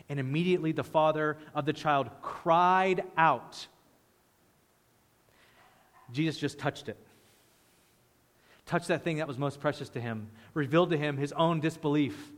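A man's voice: on the high side, normal speed, pauses often. Impassioned male preacher in a reverberant hall. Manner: impassioned, acts out voices of people praying. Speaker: pastor. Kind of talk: sermon.

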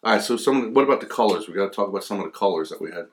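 A man's voice: lowish voice, expressive, rapid-fire. A man interviewing an old friend, prompting him with short questions. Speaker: interviewer, old fellow clammer. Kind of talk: casual interview chat.

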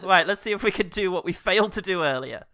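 A man's voice: high-pitched, animated, quick pace, sharp tone. A British man co-hosting a podcast, joking and laughing often in casual banter. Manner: jokey, laughs often, playful. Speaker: podcast co-host.

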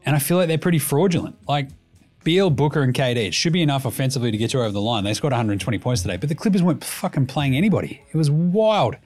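A man's voice: mid-range voice, lively intonation, very fast, a little mellow, faint music behind. A man with an Australian accent hosting a casual basketball podcast, rambling, swearing and joking. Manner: profane, rambling, jokey. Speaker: podcast host. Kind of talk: casual sports commentary.

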